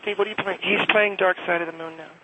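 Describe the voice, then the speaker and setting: A man's voice: high-pitched, steady tone, fast talker, muffled recording, background noise, pitched above the performer's own voice, lightly acted. A man voicing a smug, prim middle-aged woman who runs a homeowners association, talking down to a caller with mock sweetness on a comic call-in show. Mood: smug, condescending. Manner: condescending, bigoted, mock-sweet. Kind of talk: comic radio character call-in.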